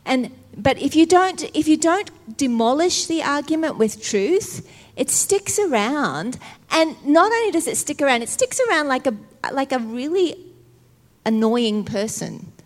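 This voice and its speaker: A woman's voice: high voice, big pitch swings, measured pace. A woman preacher giving a sermon in an emotional, fervent but conversational way. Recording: long hall reverb.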